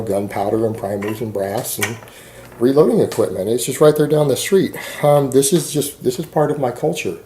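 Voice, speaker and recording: A man's voice: medium pitch, dark tone, a little hiss or hum. A man speaking to camera in a rambling, defensive monologue, sarcastic and full of fillers. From Texas. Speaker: fitness YouTuber.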